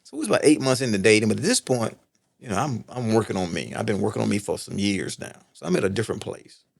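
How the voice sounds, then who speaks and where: A gravelly, lowish voice carries this middle-aged Texan's expressive, quick-paced storytelling. Appearing on a casual podcast, he earnestly relates personal experiences, emphasizes points by repeating them, and often asks "right?".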